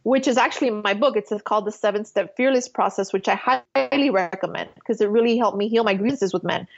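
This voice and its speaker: A woman's voice: mid-range voice, quick pace, creaky, highs cut off. A woman guest on a podcast, telling a spiritual personal story in an earnest, emotional way, full of fillers. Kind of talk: casual interview storytelling.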